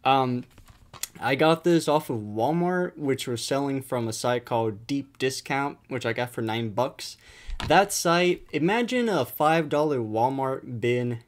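A man's voice: medium pitch, measured pace. Casual swearing man reviewing a movie. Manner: animated storytelling, frequent swearing and fillers. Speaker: video host reviewing a movie. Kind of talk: casual profane movie talk.

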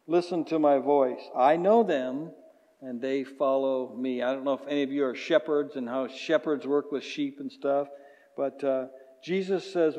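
A man preaching a sermon as pastor, animated and chuckling often, acting out little voices. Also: mid-range voice. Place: church sanctuary. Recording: church hall reverb.

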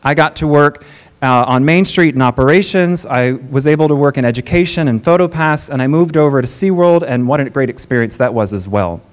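A man's voice: mid-range voice, brisk. A man from Florida giving a conference presentation to an audience, telling personal stories with light jokes. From Florida, USA. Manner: personal, joking storytelling. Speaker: conference speaker. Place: conference stage before an audience.

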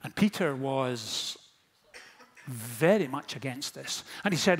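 A fairly high-voiced man preaching a storytelling sermon. He drops to near-quiet lines, then rises to stirring, impassioned questions. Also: animated, measured pace, slightly rough. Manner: storytelling, swings from hushed to impassioned. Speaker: pastor.

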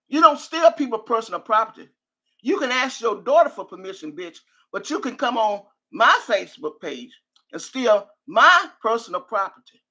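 Older lady on a livestream, reading chat then cussing somebody out, loud and confrontational. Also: on the high side, big pitch swings, fairly quick, breathy edge. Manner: angry, profane, confrontational. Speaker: livestream host. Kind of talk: live reaction stream, reading chat and ranting.

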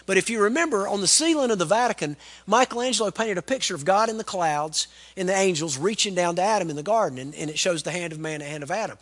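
A man, preaching a sermon as pastor in an animated, folksy storytelling way. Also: sits high, fast talker, few pauses. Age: 40s.

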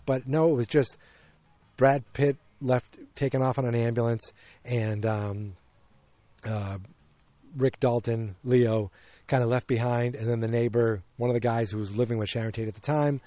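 A man's voice: mid-range voice, fairly even intonation, moderate pace, mellow, no room sound. A man hosting a podcast, chatting casually about a film, rambling and correcting himself as he goes. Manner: rambling, self-correcting, opinionated. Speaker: podcast host. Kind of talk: casual movie review chat.

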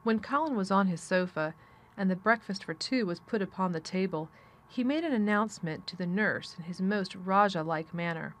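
A woman narrating an audiobook of a classic children's novel. She reads at a steady, measured pace, with a mid-range voice and clear storytelling delivery. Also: mid-range voice. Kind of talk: scripted narration.

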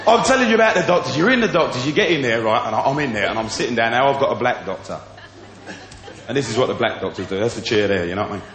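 A man's voice: medium pitch, animated, very fast. A man doing stand-up comedy at a live venue, chatty and playful as he tells stories. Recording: echoey hall with crowd.

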